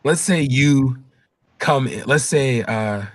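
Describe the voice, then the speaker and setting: A man with a husky, slightly breathy voice hosts a casual, heated debate. He hedges a lot and fills his talk with "like" as he pushes pointed questions. The sound is close and dry. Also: mid-range voice, takes it slowly, no room sound. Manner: hedging, uses like a lot, asks pointed questions.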